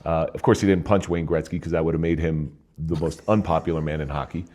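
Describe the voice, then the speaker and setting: A man's voice: fairly even intonation, fast, darkish tone. A middle-aged man from New Jersey, a retired police officer, telling his personal story in an earnest, conversational way as an interview guest. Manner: earnest, conversational, with frequent restarts and emotional pitch swings.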